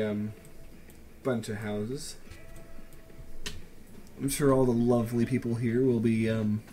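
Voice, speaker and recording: A man's voice: lowish voice, dark tone, a little hiss or hum. A young man giving casual, joking commentary over a city-building game, full of playful, mock-grand asides to the viewers. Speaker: let's play commentator.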